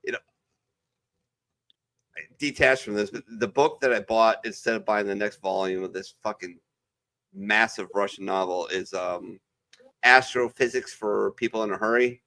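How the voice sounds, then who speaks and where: A man's voice: on the low side, moderate pace, pauses often, sharp tone. A man who is a former Marine, hosting a casual veterans' chat over a video call and telling stories in a rambling, heavily profane way. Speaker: veteran show host.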